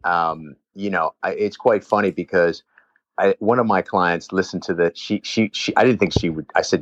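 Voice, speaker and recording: Older male guest, fitness trainer, rambling and profane, low voice, dry dull recording. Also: animated, a little fast, dry recording. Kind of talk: casual chat. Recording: slightly dull lo-fi sound.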